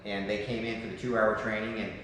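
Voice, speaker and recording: A man in his fifties coaching a room of real estate agents in a lively, joking way, asking "right?" often. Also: fairly low pitch, fast talker. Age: 50s. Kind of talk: talk to a room. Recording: echoey hall with faint noise.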